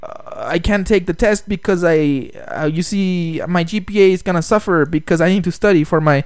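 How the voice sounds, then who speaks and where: A man putting on a pushy young male student, higher and brighter than his usual voice, whining and insistent as he demands to be registered right away. it sounds dry and close, with little room sound. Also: moderate pace, clean tone, no echo. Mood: demanding. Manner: whiny, insistent pleading.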